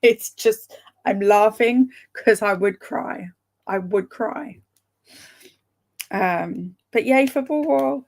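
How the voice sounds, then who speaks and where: A woman chatting casually with live viewers, reading out their comments, chatty and excitable, with a gravelly voice. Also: mid-range voice, takes it slowly. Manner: chatty and excitable, breaks into laughs and sudden whispers. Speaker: streamer reading live chat.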